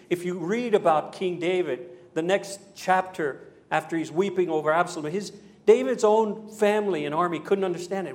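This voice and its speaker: Male preacher, a touch high in pitch, dramatic sermon storyteller who moves from emphatic to quiet. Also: moderate pace. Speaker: pastor.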